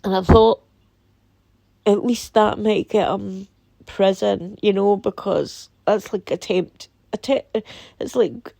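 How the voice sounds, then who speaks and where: A Scottish woman telling a painful personal story in a halting, somber way, with many pauses and restarts. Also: mid-range voice, gravelly, warm tone, no room sound. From Scotland. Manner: somber and emotional. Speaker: vlogger. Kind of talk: personal testimony.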